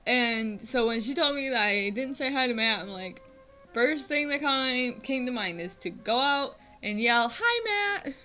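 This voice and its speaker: A twentysomething US woman vlogs to camera, casually telling a funny story about herself, rambling, self-deprecating and full of "like" fillers. She speaks a little slowly in a bright, forceful voice on the high side. The recording is rough, with soft music in the background.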